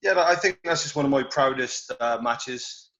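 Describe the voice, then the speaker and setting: A male wrestler, recounting career highs and lows hesitantly, with many fillers. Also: normal speed, a bit bright. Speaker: wrestler guest. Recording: dull lo-fi audio.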